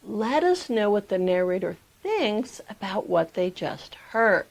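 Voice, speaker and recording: A woman coaching memoir writers, giving a clear, emphatic lesson straight to camera. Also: mid-range voice. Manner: emphatic, clear teaching delivery. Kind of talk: instructional talk to camera.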